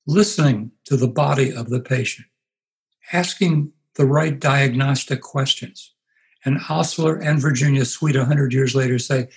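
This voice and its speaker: A man in his eighties, a pastor being interviewed, telling stories in an unhurried way and acting out the voices he quotes. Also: mid-range voice, gravelly, low-quality recording. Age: 80s. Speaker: pastor and guest. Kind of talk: reflective storytelling interview.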